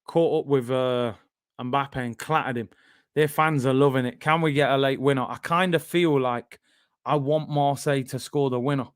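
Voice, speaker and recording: A man with a British accent hosting a live football watch-along, bantering excitably and reading out viewer comments. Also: medium pitch, normal speed, clear, resonant tone, dry recording, studio quality.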